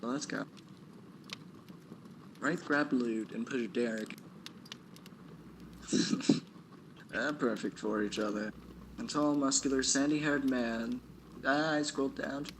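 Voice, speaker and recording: A man's voice: medium pitch, slow pace, long pauses. A man reading his own novel aloud on a stream, chuckling at his own writing and stopping to comment on it. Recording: noisy background hiss.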